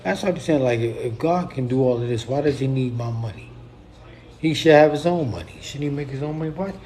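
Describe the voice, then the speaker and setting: A man's voice: medium pitch, a little fast, dark tone. A middle-aged man talking straight to his livestream viewers in a blunt, profane, repetitive rant. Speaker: poet and livestreamer.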